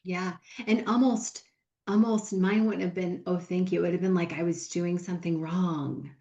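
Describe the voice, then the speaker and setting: A woman co-hosting a podcast as a coach, explaining steadily in a gentle teaching tone. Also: fairly low pitch, fairly even intonation, normal speed, roomy sound, highs cut off. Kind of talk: casual podcast conversation.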